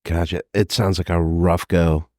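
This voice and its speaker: Low-voiced calm male podcast host. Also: measured pace, dry recording, studio quality. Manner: calm, explains terms for listeners. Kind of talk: conversational interview.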